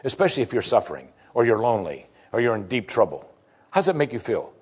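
A male pastor preaching a sermon, moving between quiet, reflective asides and sudden loud exclamations. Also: medium pitch, very animated, fast, slightly rough.

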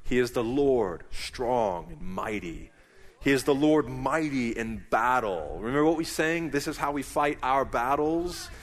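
A man's voice: medium pitch, a little slow, long reverb tail. A middle-aged man preaching a sermon as pastor, conversational and emphatic.

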